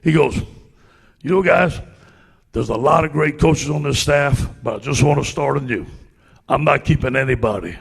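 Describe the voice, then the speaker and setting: Gravelly Cajun man telling stories. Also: fairly high pitch, moderate pace, long pauses, big-room sound. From Louisiana. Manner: folksy, animated anecdotes with acted-out quotes. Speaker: guest speaker, football coach. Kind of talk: storytelling speech to a club audience.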